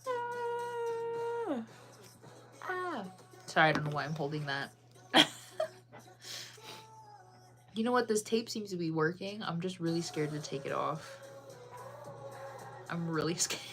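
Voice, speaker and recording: A woman's voice: deep voice, moderate pace, long pauses, over music. A woman chatting casually with viewers on a live stream, bubbly and full of "like" fillers.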